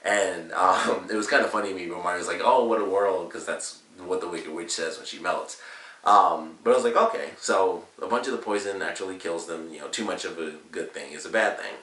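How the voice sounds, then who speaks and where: Casual male reviewer, low voice, rambling recap full of fillers, roomy room. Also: brisk, sharp tone. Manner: rambling, filler-heavy retelling with lots of "like". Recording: roomy, slightly distant mic.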